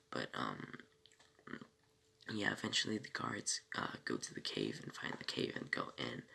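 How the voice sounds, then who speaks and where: Gravelly, lively-voiced man rambling through a recap. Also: lowish voice, a little hiss or hum. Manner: rambling, many fillers and self-corrections; breaks off for small asides. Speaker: TV episode reviewer. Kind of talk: casual episode recap.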